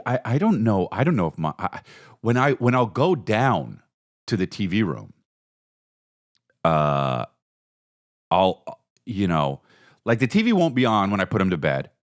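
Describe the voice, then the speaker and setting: Rambling, animated male podcast host. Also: on the low side. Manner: rambling, profane, jumps between topics. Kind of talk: solo comedic podcast monologue.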